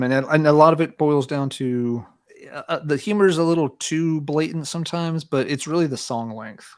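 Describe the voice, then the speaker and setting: A mid-pitched man's voice, dry and close to the mic, talks casually as a podcast guest. His speech is loose and hesitant, padded with constant "you know"s and "um"s. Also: no echo. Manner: filler-heavy with lots of "you know"s. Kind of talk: casual chat.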